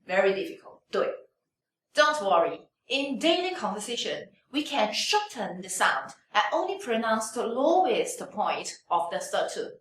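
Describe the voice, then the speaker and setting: A woman's voice: fairly high pitch, very animated. A woman teaching pronunciation as a language teacher, drawing out each tone as she demonstrates it. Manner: drawn-out demonstrations of tones. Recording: echoey room, mic at a distance.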